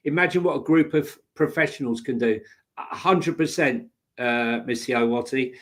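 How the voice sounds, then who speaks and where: A man co-hosting a football podcast, talking through his views in a measured way with fillers. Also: mid-range voice, fairly bright tone. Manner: measured, thinking aloud with fillers. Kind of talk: casual chat.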